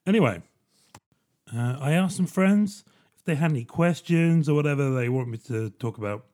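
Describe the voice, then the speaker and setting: A man's voice: a little high, animated, moderate pace, a little mellow. A man hosting a solo podcast, talking in a casual, joking, rambling way and often checking in with "right?". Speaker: podcast host.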